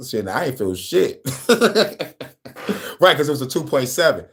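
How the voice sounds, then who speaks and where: A young man with a New York accent, co-hosting a casual, profane podcast chat, animated and laughing often. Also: mid-range voice, moderate pace. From New York, Bronx. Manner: animated, laughing, swearing, breaks into rap voices. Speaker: podcast co-host.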